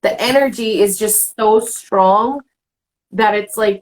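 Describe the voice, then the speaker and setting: A woman's voice: mid-range voice, takes it slowly, rough recording. A woman hosting a casual chat, talking candidly in a rambling way and acting out what people said. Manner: candid, rambling, acts out quoted remarks. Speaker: host.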